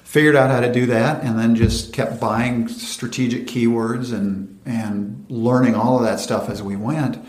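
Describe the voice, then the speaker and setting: A man, a company founder, telling stories in an interview and acting out quoted dialogue in lively voices. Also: medium pitch, measured pace, hardly any pauses. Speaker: venture capital founder, interview guest. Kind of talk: conversational storytelling interview. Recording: roomy echoey room.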